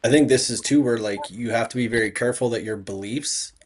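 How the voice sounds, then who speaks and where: A man on a podcast panel speaking in a measured, cautionary way. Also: medium pitch, a little hiss or hum. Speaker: podcast co-host. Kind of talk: casual discussion.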